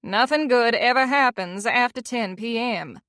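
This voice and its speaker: A woman voicing a prim, disapproving elderly great-aunt with a gravelly voice and a thick Southern accent. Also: fairly high pitch, measured pace, fairly bright tone, no echo, clean studio sound. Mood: haughty.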